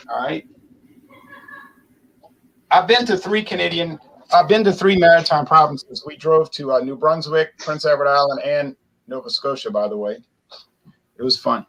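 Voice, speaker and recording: High-voiced man ranting in casual chat. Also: rough recording. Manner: animated storyteller, mimics others in quotes. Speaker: podcast co-host.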